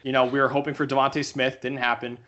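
A man's voice: mid-range voice, fast, highs cut off. A young man co-hosting a podcast, telling a story casually and acting out the voices he quotes. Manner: animated, acts out quoted voices. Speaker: podcast co-host.

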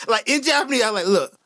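Animated, bright-voiced casual man. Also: very high voice, dry recording, studio quality. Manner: animated storyteller, acts out quotes, laughs often. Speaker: podcast host. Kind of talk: casual chat. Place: lives in Japan.

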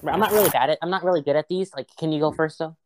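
A woman in a casual online voice-chat debate who talks quickly and unsurely, hedging with "like". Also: sits low, a little mellow, a little hiss or hum.

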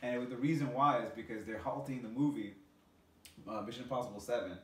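A man's voice: medium pitch, fast, fairly bright tone, recorded from a distance. A young man co-hosting a casual podcast who swears freely and laughs easily. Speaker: podcast co-host. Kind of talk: casual chat. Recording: echoey room, voice from off-mic, faint ambience.

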